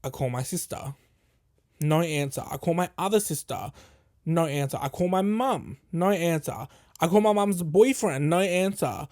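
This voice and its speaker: High-voiced man telling a profane story. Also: unhurried, no room sound, clean studio sound. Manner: animated, profane, acts out quoted people. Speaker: podcast host. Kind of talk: casual storytelling monologue.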